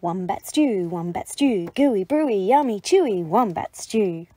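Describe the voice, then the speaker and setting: A woman's voice: high voice, big pitch swings, takes it slowly, a little mellow, pitched above the performer's own voice, full character voice. A woman voicing a sly, boastful male dingo in a storybook reading, chanting in a gleeful sing-song.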